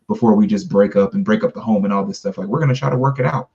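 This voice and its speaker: A man's voice: on the low side, very fast, creaky, darkish tone, muffled recording. A man in casual podcast conversation, talking earnestly in long, run-on explanations. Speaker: podcast co-host.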